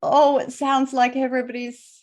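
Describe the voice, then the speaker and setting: A woman's voice: sits high, flat delivery, normal speed, darkish tone. A woman teaching a webinar over a video call, in a chatty, conversational way that checks in with attendees by name. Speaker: LinkedIn trainer presenting a webinar. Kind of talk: casual, chatty workshop teaching.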